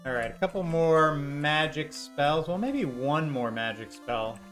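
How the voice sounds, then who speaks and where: A man's voice: fairly high pitch, lively intonation, measured pace, a bit bright. A man giving sarcastic, rambling commentary while playing an old role-playing video game. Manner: sarcastic, rambling jokey asides. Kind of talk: gameplay commentary. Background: faint game music.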